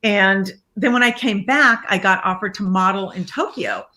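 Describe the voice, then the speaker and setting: A woman with a bright, forceful voice tells her personal story as a guest life coach. She is animated, laughing often and acting out the voices of the people she quotes. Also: mid-range voice, normal speed. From Iraqi family background, raised in America. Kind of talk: casual storytelling interview.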